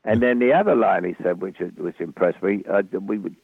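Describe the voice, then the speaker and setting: An older man from London with a Cockney accent, telling rambling anecdotes as an interview guest with dry humour and halting restarts. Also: sits low, husky, dry recording. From London, England. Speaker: guest actor. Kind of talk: anecdotal storytelling. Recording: tinny phone-like radio audio.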